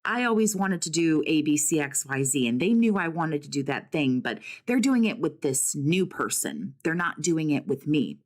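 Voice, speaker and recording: A woman with a slightly low voice talks straight at her listener like a no-nonsense recovery coach. She swears freely and stacks up pointed rhetorical questions. She keeps calling her listener "survivor.". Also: sing-song, moderate pace, hardly any pauses. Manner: blunt, profane, full of rhetorical questions. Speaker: narcissistic abuse recovery coach. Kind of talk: direct-to-camera talk.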